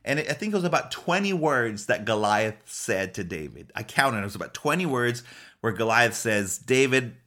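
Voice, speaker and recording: A man's voice: on the low side, very animated, moderate pace, a bit bright. A man preaching a sermon with emphatic, urgent delivery, often restarting and repeating phrases. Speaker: pastor.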